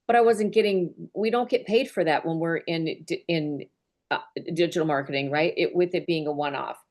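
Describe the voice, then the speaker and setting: Woman, team leader, slightly low pitch, conversational, emotionally open, sincere. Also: normal speed, a little mellow. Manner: earnest and openly emotional, conversational. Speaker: business mentor and team leader. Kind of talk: heartfelt talk on a group call.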